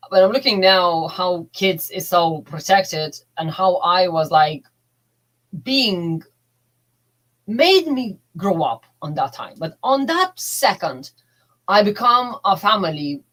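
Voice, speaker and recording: A middle-aged woman with a slightly low voice shares her own story as a relationship coach. She talks in a heartfelt, halting way, with broken grammar and emotional pauses. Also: a bit bright, poor audio.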